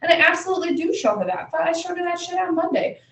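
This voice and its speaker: A woman's voice: very high-pitched, fast, reverberant, recorded from a distance. Blunt, swearing mother on a podcast. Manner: blunt, swears freely, animated retelling. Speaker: podcast co-host. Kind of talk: casual chat.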